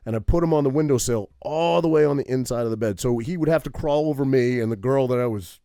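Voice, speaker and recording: A man of middle pitch tells a rambling, animated story, swearing freely and checking in with his listener after nearly every line. He sounds close to the mic in a dead, dry space. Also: quick pace, smooth, no echo. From Maine. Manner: profane, animated storytelling with many "right?" tags. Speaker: podcast co-host. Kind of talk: casual storytelling.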